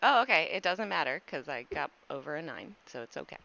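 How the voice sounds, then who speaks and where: A woman playing a tabletop game who talks in an animated way. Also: deep voice, a little fast, creaky, dull audio. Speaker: player.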